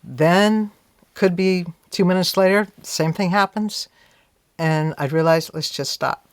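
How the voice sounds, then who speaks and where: Her lowish voice is slow and smooth, with clean studio sound and no room sound. She's an interview guest telling a story reflectively and conversationally, often saying "you know" and voicing what she used to think.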